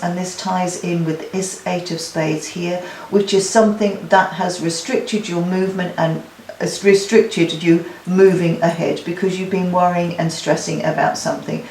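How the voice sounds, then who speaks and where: A woman's voice: on the low side, a little mellow, roomy sound, slight background noise, poor audio. A woman giving a weekly tarot card reading in a chatty, encouraging way, talking to her cards as she draws them. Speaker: tarot reader.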